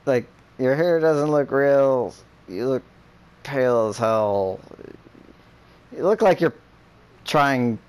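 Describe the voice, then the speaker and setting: Man, casual chat, rambling, profane, animated, mid pitch. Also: slow, long pauses, clear, resonant tone.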